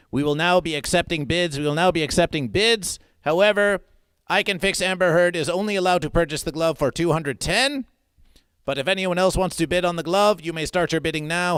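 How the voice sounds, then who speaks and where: A man doing absurdist livestream comedy, auctioning merchandise in a theatrical, repetitive patter that swings into mock-mournful lows. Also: fairly bright tone, clean tone, dry recording.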